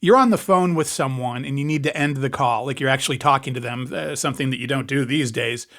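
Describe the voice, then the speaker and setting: A man's voice: mid-range voice, fast talker, a bit bright. An Australian man co-hosting a podcast with dry, self-deprecating humor. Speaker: podcast co-host. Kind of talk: casual chat.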